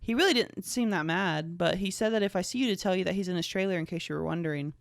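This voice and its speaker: A woman's voice: on the low side, fast, vocal fry, no room sound, studio quality. A woman reading aloud as a friendly, chatty young woman on a film set, in a casual, teasing way.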